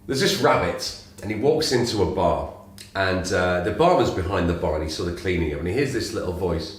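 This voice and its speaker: A man's voice: sits low, lively intonation, fast. A man co-hosting a podcast, chatting casually and telling a joke in a playful storytelling manner. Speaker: podcast co-host. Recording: echoey room.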